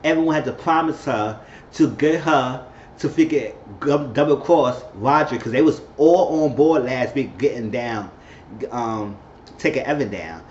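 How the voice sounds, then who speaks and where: A man giving an animated, chatty recap of a TV episode, with quick asides. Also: medium pitch. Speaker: TV show reviewer. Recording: echoey, dull-sounding room with faint hiss.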